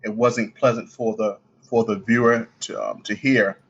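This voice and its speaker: A man with a Baltimore accent, a coin ring artist talking as a guest on a podcast, speaking quickly with the odd stutter and restart. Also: lowish voice, flat delivery, vocal fry, a bit bright, breathy edge, muffled recording. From Baltimore, United States. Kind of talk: casual podcast interview.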